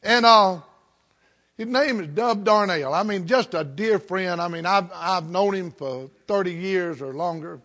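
A man's voice: high voice, measured pace, fairly bright tone. A middle-aged man from the Southern United States, preaching a sermon in a folksy storytelling way with country turns of phrase.

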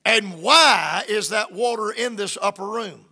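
A man's voice: high voice, a little slow, bright, forceful tone, slightly rough, in a large hall. A man preaching a fervent sermon, reading scripture and acting out the quoted lines.

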